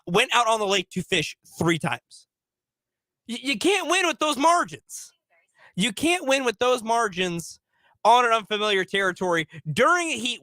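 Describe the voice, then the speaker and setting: A man co-hosting a sports talk radio show, chatting casually and defending himself with lively restarts. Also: high voice, dry recording. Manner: animated, self-defending, repeats words.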